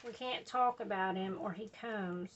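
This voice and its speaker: A scrapbooking video host talks in a medium-pitched voice at a moderate pace, and the lo-fi recording has a noisy background. She rambles casually while she scrapbooks at home, drawling and using "y'all" and "like" a lot.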